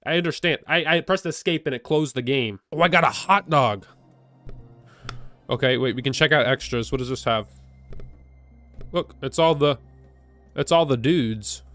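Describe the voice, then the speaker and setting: A man giving live commentary as he plays a horror game. He is jumpy and nervous, repeats words in quick bursts and begs the game's enemies to go away. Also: mid-range voice, a bit bright, soft background music. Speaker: gaming video creator. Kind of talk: live let's-play commentary.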